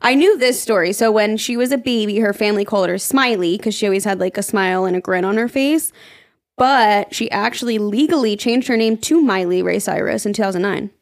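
Woman podcast co-host, casual and giggly, some vocal fry, dry close sound. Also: mid-range voice, fairly quick, no room sound. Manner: chatty, giggly, reads out trivia.

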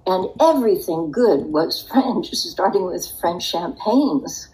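An older woman speaking in a low-set voice at a slow, unhurried pace. She looks back on her past with reflective pauses and the odd soft laugh, as an interview guest. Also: lively intonation, rough recording. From United States. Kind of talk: interview storytelling.

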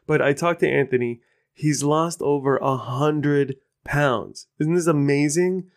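A man's voice: on the high side, measured pace. A man hosting his own podcast, talking casually in a rambling, self-deprecating way. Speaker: podcast host. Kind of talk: casual solo podcast talk.

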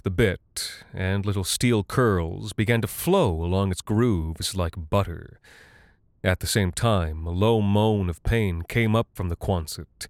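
A man narrating a dark literary story in a measured, deadpan way. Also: low-pitched, no room sound, studio quality.

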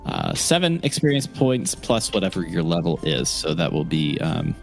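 Deep-voiced male game master. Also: very animated, moderate pace, gravelly, faint music behind. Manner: explains rules with frequent fillers. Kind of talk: narrating a tabletop game.

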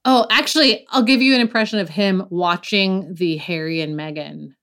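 A woman's voice: on the low side, normal speed, fairly bright tone, smooth. A woman hosting a podcast in casual chat, blunt and profane, with many fillers. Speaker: podcast host.

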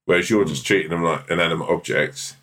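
A man's voice: sits low, fast talker. A man co-hosting a casual comedy podcast, swearing freely and acting out scenes as he tells them. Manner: animated, sweary, acts out scenes. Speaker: podcast co-host. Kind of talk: casual comic chat.

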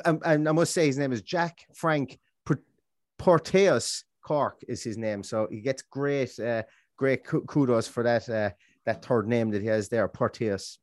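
A man's voice: mid-range voice, darkish tone, no room sound, clean studio sound. A man, co-hosting a casual football podcast and talking in rambling runs full of restarts and fillers. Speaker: podcast co-host.

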